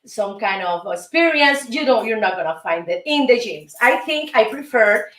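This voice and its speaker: A middle-aged woman from Cuba with a Cuban Spanish accent, teaching a salsa dance lesson and counting the beats aloud in a lively, encouraging way. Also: a little high, moderate pace. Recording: roomy sound from a distance, music behind.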